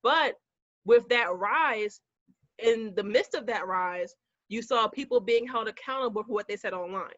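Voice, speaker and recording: A woman's voice: a little high, unhurried, fairly bright tone, no echo, muffled recording. A woman co-hosting a podcast debate, reasoning through her points at length with fillers. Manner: thoughtful, talks in long reasoning runs with fillers. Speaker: podcast co-host. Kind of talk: casual debate chat.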